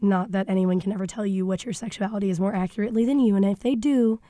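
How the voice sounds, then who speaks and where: A woman's voice: medium pitch, steady tone, fast talker, warm tone, no echo, studio quality. A young woman, talking frankly and a bit snarkily on a podcast, thinking aloud with fillers. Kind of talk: casual podcast discussion. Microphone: studio microphone.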